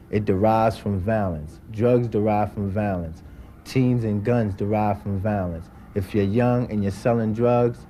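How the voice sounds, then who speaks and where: A man's voice: on the low side, warm tone. A man in his twenties giving an emphatic personal testimony, repeating key words for stress. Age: 20s.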